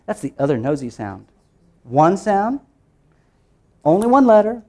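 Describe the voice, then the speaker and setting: A man leads a phonics workshop for teachers, lively and quick to jump in pitch. He poses questions, answers them himself, and chants through repeated steps.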